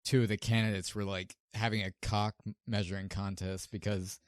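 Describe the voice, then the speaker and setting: A man's voice: on the low side, flat delivery, fairly quick, dry recording. Laid-back young man on a podcast, dry sound. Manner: laid-back, swears a lot, laughs. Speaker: podcast co-host. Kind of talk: casual chat.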